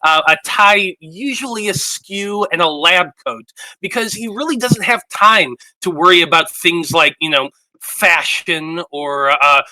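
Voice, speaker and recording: A man's voice: high-pitched, a little slow, pushed and bright, dry recording, rough recording. A man casually introducing his tabletop game character in a rambling, chatty way. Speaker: player.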